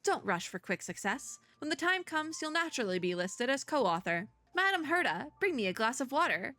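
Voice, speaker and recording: A haughty, condescending puppet scholar from a video game, read aloud by a woman. The voice is lively and bright, with a high pitch and a dry, close sound. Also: normal speed, full character voice. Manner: reading game dialogue aloud. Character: haughty female puppet scholar bossing others.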